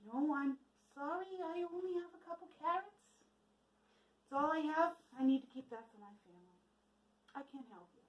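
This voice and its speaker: A woman's voice: sits high, moderate pace, natural voice. A woman voicing a poor village woman who apologetically refuses to share her food. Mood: apologetic. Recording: echoey room from a distance.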